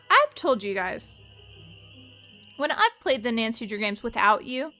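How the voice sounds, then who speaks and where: A woman's voice: fairly high pitch, sharp tone. A woman streaming a mystery game, chatting casually and rambling in asides to her viewers. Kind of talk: casual let's-play chat.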